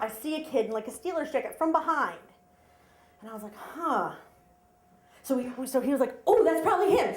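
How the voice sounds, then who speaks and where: A middle-aged woman with a fairly high voice tells a personal story at a live story slam. She is chatty and animated, slipping into the voices of the people she quotes. The stage mic picks up the roomy echo of the venue. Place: small live venue with audience.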